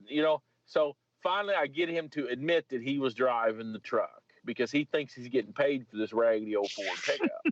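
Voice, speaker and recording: A man's voice: mid-range voice, fairly quick, few pauses. A man, a former police officer, telling a story in a casual, comedic, rambling way, swearing and restarting his sentences. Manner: rambling, profane, lots of restarts. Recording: dry, slightly muffled podcast audio.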